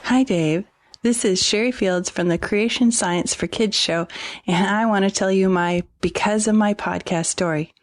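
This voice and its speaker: A woman's voice: medium pitch, normal speed. A woman podcaster telling her story in a friendly, conversational recorded message.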